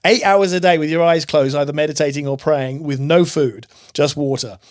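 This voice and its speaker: A middle-aged man telling his life story as a podcast guest, emphatic and animated, acting out his own past outbursts. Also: a little high, moderate pace. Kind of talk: testimony in casual interview.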